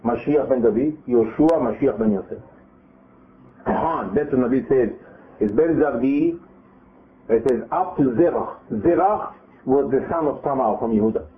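A man's voice: mid-range voice, brisk. A man giving a Torah lesson, retelling scripture with many repeats and acted quotes. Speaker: religious teacher. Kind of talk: Torah lesson to a live group. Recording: narrow phone-like audio.

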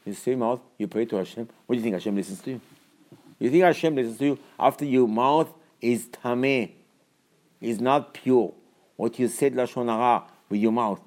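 A man giving a Torah sermon as a rabbi, preaching emphatically with repeated rhetorical questions and swinging from low, quiet explanation to loud, high scolding.

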